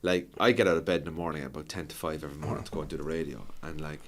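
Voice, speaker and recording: A man's voice: rumbling low, steady tone, rapid-fire. A man hosting a podcast, chatting casually and bluntly, swearing freely and mocking hype. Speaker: podcast host. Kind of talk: casual chat.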